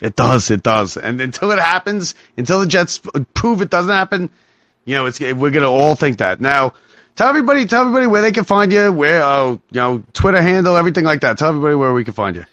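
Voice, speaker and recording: A man hosting a sports talk show, chatting loosely and piling up quick affirmations. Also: fairly high pitch, very animated, fairly bright tone, no echo, muffled recording.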